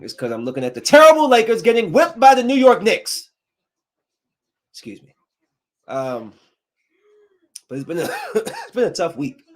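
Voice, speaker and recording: A man hosting his own podcast, chatting casually and with feeling about his week. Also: mid-range voice. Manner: loose and heartfelt, drifting between grief and upbeat chatter. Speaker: podcast host. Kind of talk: casual solo podcast talk.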